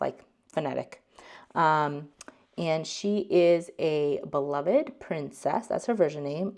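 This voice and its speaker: Low, gravelly-voiced woman teaching casually. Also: darkish tone. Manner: chatty, with frequent ums and likes; reads out card text in two languages. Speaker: card game channel host. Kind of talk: casual language lesson.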